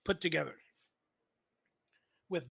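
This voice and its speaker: A man's voice: slow, fairly bright tone. A man livestreaming to his viewers, talking earnestly with a slight lisp.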